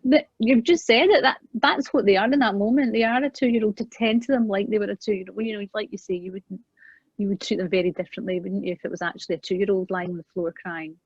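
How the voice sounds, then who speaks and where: A woman guest in an interview, earnestly telling a personal parenting story and acting out the quoted lines, often trailing off softly. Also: medium pitch, steady tone, fast, slightly rough, dry recording. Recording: dull, dry, lo-fi sound.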